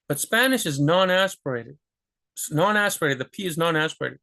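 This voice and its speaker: A man's voice: a little high, lively intonation, normal speed, bright, forceful tone. Chatty man teaching pronunciation. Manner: chatty, repeats words for demonstration, many fillers. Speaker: language teacher. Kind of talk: casual spoken lesson.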